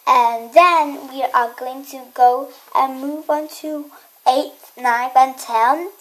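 Slow, high-voiced young girl teaching words. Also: steady tone, a bit bright. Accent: Slovak. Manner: repeats words over and over, chatty and giggly. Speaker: video host. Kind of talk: casual home video lesson.

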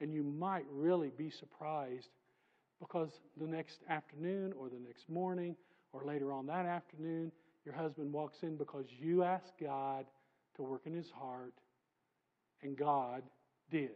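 A man preaching a sermon in a church, emphatic and conversational, swinging from loud passages to soft asides. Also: on the high side, a little slow, highs cut off. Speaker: pastor. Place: church sanctuary.

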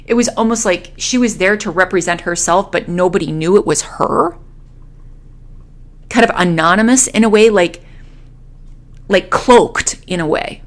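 A woman tarot reader with a fairly low pitch recounts a vision as a story, speaking slowly and hesitantly with lots of fillers and restarts.

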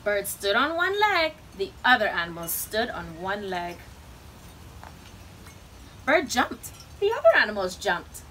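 A woman reading picture books aloud to children, with expressive, animated storytelling. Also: medium pitch, unhurried, long pauses, slight background noise, rough recording.

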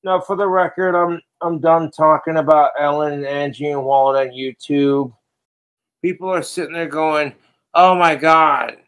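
A man's voice: fairly high pitch, steady tone, moderate pace, clean tone. A man ranting on a livestream, swearing heavily and drinking alcohol as he talks. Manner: profane, ranting, drinking on stream. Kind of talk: livestream rant.

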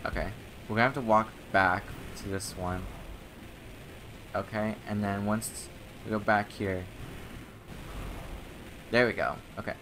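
A man's voice: on the low side, steady tone, a little slow, pauses often, sharp tone, a little hiss or hum. A young man giving casual let's-play commentary, often frustrated and swearing, laughing at himself. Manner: frustrated, swearing, self-mocking. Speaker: gaming channel host. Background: game music.

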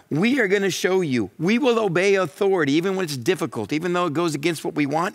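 A male pastor preaching a sermon, moving between forceful declarations and quieter reflective passages, with repetition and rhetorical questions. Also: on the high side.

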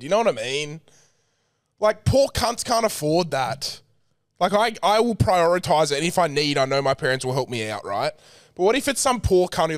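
Lively young Australian man, bright pitch. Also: dry recording, studio quality. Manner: swears freely, lighthearted. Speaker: podcast co-host. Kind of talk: casual chat.

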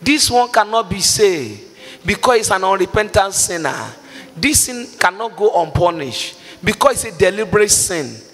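A male preacher delivers a fervent sermon in a very high, bright voice. His pitch swings widely as he pleads, cries out and half-sings his prayers. The sound rings with long reverb, as in a large hall. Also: big pitch swings, normal speed. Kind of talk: impassioned sermon with Bible reading.

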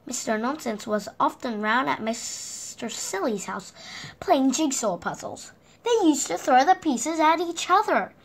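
Animated woman reading a children's story. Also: sits high, measured pace. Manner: animated, asks the listening child questions. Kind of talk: reading a picture book aloud to children.

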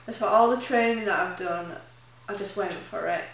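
A woman's voice: medium pitch, moderate pace, a bit bright, slight background noise. A woman recording a casual video diary, chatty and emotional, rambling with fillers as she talks. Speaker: charity runner keeping a video diary. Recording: very echoey room, mic at a distance.

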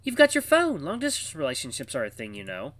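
A guarded young furry woman on the run, her voice pitched high and lively, as a man puts her on. She talks in a sharp, defensive way. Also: quick pace. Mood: coaxing.

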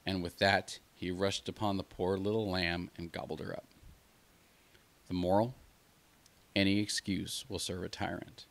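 A man from the United States narrating a bedtime fable in a gentle, measured way as a storyteller. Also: low-pitched, level tone, vocal fry.

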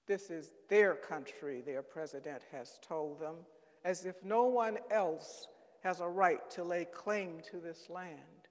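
A man giving a solemn, dramatic reading at a church service. He speaks gravely and deliberately and leans on key words. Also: sits high, darkish tone. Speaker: reader at a Good Friday service. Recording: long church reverb.

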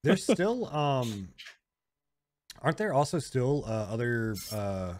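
A man's voice: mid-range voice, big pitch swings, takes it slowly, darkish tone. A man hosting a gaming podcast in casual chat, leading the topics with many hesitant ums. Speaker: podcast host.

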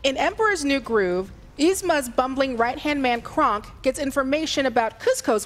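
Female quiz co-host, soft and calm, measured reads, high expressive voice. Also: a little hiss or hum. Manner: measured, deliberate question reading. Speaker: trivia show co-host reading questions. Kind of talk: reading trivia questions and countdowns.

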